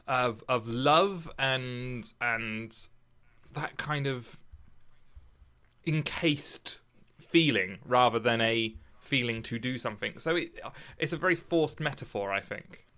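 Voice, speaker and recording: A man's voice: medium pitch, slow pace, bright, forceful tone. A man in a casual literary discussion, thinking aloud with frequent restarts and hesitations. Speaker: podcast co-host discussing poetry.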